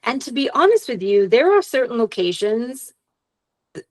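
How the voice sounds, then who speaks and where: A woman's voice: a little high, very animated, normal speed, darkish tone. A young adult woman co-hosting a podcast in casual chat, candid and swearing freely, acting out quotes as she talks. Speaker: podcast co-host.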